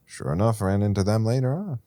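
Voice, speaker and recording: A young man as a podcast guest, candidly telling a rambling story about his recovery and rising to loud, intense peaks. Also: on the low side, lively intonation, fairly quick, no echo.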